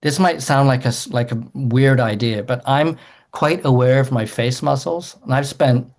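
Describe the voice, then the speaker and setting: A man's voice: medium pitch, normal speed, darkish tone. Man, doctor, earnest explanatory talk, mid-range voice, restarts sentences. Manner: earnest, explanatory, repeats words when restarting. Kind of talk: talk to an online group.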